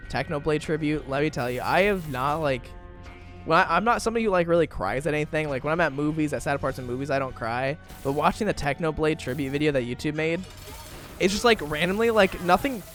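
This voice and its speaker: Young male gaming host; rambling casual commentary, very animated pitch. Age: 20s. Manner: rambling storytelling with many fillers. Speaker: gaming YouTuber. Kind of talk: casual let's-play commentary.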